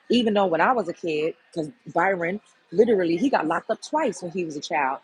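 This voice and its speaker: Woman, livestream host, very husky voice, blunt heated profane rant. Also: fairly low pitch, expressive, fast talker, rough recording.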